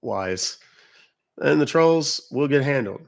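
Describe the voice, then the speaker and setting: A man's voice: mid-range voice, animated, takes it slowly, gravelly. Chatty American man hosting a livestream. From United States. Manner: chatty, blunt, reads and answers chat comments. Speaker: livestream host. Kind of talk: casual livestream chat with viewers.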